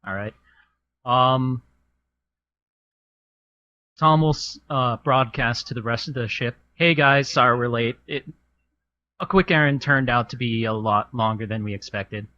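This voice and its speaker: A man's voice: mid-range voice, measured pace, long pauses, sharp tone, muffled recording. A man playing a tabletop game, describing his character's actions with hesitant ums. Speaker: player.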